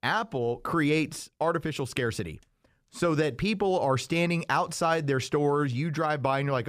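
A man's voice: fairly high pitch, normal speed, no room sound, clean studio sound. Chatty man hosting a podcast. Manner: rambling, explanatory. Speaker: podcast host. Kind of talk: casual chat.

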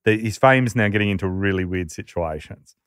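Australian male storyteller, low voice, lively, laughs a lot, does voices, dry close mic. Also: fairly quick, smooth, dry recording. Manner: lively anecdote-telling, laughing, acting out quoted voices. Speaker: podcast storyteller. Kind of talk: casual storytelling chat.

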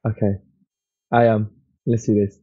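A man's voice: fairly low pitch, flat delivery, measured pace, mellow, dull audio. A man with a northern English accent, a guest chatting playfully in a casual interview and laughing often. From northern England. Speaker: guest, comedy content creator.

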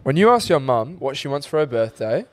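A man's voice: mid-range voice, big pitch swings, brisk, dry recording. A young Australian man co-hosting a podcast, chatting casually and swearing freely as he tells stories and quotes people. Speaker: podcast co-host. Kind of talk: casual chat.

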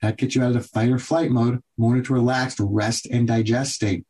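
A man hosting a radio health show as a doctor, giving advice in an earnest, repetitive coaching tone with quick bursts. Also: medium pitch, level tone, mellow, breathy edge.

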